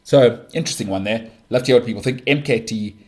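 A man's voice: mid-range voice, quick pace. Emphatic man ranting about sport. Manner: emphatic, repeats himself, animated rants. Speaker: podcast host. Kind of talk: opinionated sports talk.

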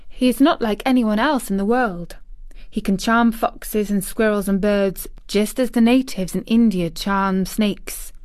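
A woman voicing a blunt, curious young girl who talks plainly and slowly. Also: mid-range voice, a little mellow, dry recording, studio quality, natural voice. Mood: earnest.

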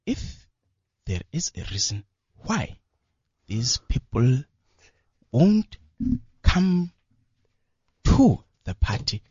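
A man doing a halting head-of-state impression. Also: mid-range voice, sing-song, a little mellow, breathy edge, dry recording, lo-fi sound, exaggerated voice. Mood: mock-solemn. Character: impression of a middle-aged male head of state.

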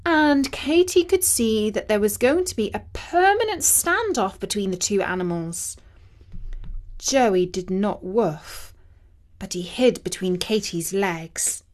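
A woman narrating a children's story in a measured, expressive way. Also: mid-range voice.

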